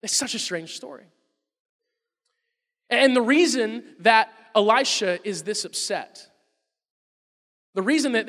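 A man delivers a sermon in a high-pitched voice, telling the story animatedly and acting out the quotes, with a long reverb tail trailing his words.

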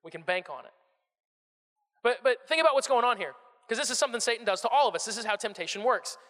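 A man in his thirties or forties preaching a conversational sermon, animated and repeating words as he starts his phrases. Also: extremely high pitch, quick pace, in a large hall. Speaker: pastor.

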